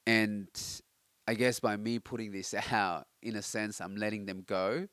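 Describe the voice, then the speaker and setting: A man's voice: fairly low pitch, steady tone, a little slow, fairly bright tone, smooth, dry recording. A young man talking reflectively on a late-night personal vlog, rambling with many fillers and restarts, his throat itchy and tired. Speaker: vlogger.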